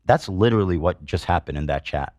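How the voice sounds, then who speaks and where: Male podcast host, middle-aged, heated and sarcastic commentary, deep voice, dry studio sound. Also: expressive, fairly quick, a little mellow, no echo. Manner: indignant, swears, reads comments aloud with sarcasm.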